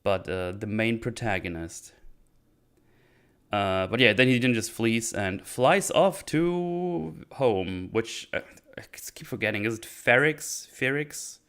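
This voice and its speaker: Low, smooth-voiced male streamer rambling. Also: lively intonation, takes it slowly, a bit bright. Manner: rambling, hesitant, thinks aloud. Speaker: streamer reviewing a TV show. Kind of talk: casual livestream commentary.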